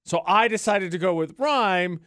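A man co-hosting morning radio, playful and quick to argue a point. His voice sits a bit high, and the studio mic keeps it close and dry. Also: sharp tone, smooth, no room sound. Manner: playful, argumentative, quick shifts in emphasis. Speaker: radio co-host. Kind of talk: casual morning radio chat.

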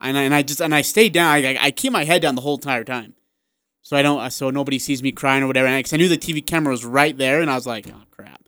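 A man co-hosting a sports radio show, talking in a casual, excitable way and acting out what people said. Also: medium pitch, very fast, smooth, no room sound, studio quality. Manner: excitable, animated storyteller who acts out quotes.

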